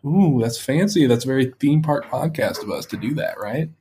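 Laid-back teasing podcast host. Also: male voice, medium pitch, a little fast, mellow, a little hiss or hum. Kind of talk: casual podcast chat.

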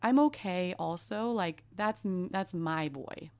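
A woman's voice: on the low side, slow pace, darkish tone, clear, resonant tone, no room sound. A woman hosting a podcast interview, talking in a heartfelt, casual way with lots of "like" and restarts. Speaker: podcast host.

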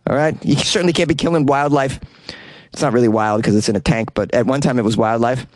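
A man riffs on quirky news items in a loose, joking way, with the odd swear word. His voice sits at an ordinary middle pitch. The recording is close and dry, with no room sound. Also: quick pace, no room sound. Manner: joking, sarcastic, casual swearing. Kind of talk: casual commentary on news stories.

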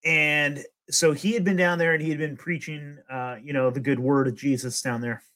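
A young adult man telling a spooky story in casual chat, animated and full of fillers and laughs. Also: a little high, moderate pace. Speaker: podcast host.

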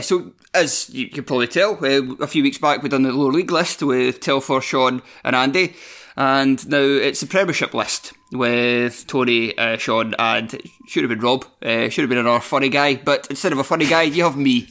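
A man's voice: mid-range voice, normal speed, a bit bright. A Scottish man hosting a casual football podcast, self-deprecating and swearing when exasperated. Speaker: podcast host.

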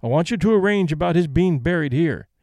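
A brisk, composed elderly lady who is practical and decisive even in grief, read by a male storyteller. The voice sits a little high and sounds close and dry. It could come from an audiobook. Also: no room sound.

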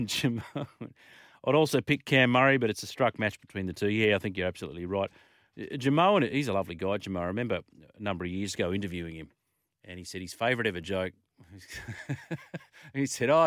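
A man with an Australian accent hosting a sports talkback radio show, chatty and lively as he reads listener messages and gives scores. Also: medium pitch, no echo, studio quality. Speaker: radio sports talk host.

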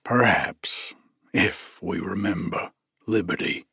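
A man voicing a white-haired old male soldier with a soft, hushed, courteous way of speaking. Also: lowish voice, takes it slowly, creaky, husky, dry recording, studio quality, full character voice. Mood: earnest.

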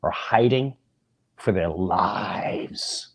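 A man hosting a podcast, telling a personal story in an animated monologue, acting out voices and often dropping into a whisper. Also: low-pitched, extremely slow. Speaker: podcast host.

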